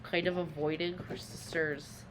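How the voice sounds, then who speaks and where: A woman's voice: deep voice, flat delivery, unhurried, a little hiss or hum. A woman co-hosting a podcast, retelling a book's plot in casual chat with lots of filler words. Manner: rambling retelling with many fillers. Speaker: podcast co-host.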